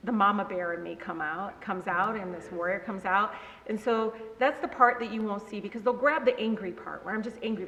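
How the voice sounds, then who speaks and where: A woman speaking as a guest, telling animated stories to a live audience, laughing as she goes and slipping into the voices of her family members. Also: medium pitch, gravelly. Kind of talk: conversational storytelling to a live audience. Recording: echoey hall, faint background hum.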